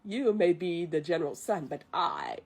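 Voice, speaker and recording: A woman's voice: fairly low pitch, wildly swooping pitch, moderate pace, husky, pitched below the performer's own voice, exaggerated voice. A woman voicing a pompous older male imperial official, haughty and condescending.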